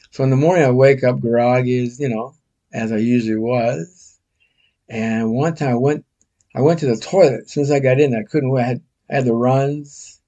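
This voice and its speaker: A man's voice: mid-range voice, a little mellow. An older man from the United States telling rambling personal stories in a casual, self-mocking way. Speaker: storyteller.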